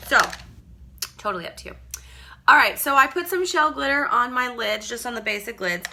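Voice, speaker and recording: A woman's voice: a little high, fairly quick, gravelly, bright, forceful tone, a little hiss or hum. A woman chatting casually through a live makeup tutorial at home, rambling and greeting viewers by name. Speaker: makeup seller demonstrating products.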